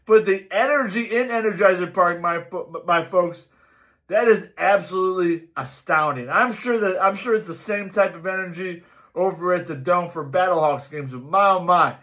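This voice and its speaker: A middle-aged man hosts a fan sports show with a notably high, bright voice. He rants emphatically and keeps circling back to the same catchphrases. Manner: emphatic, repeats "my, oh, my" and "folks". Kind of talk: ranting sports commentary.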